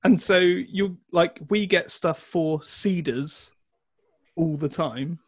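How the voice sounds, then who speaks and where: A man's voice: a little high, slow, husky. Bantering man on a podcast. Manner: bantering, laughs often, explains tech. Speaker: podcast co-host. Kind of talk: casual chat.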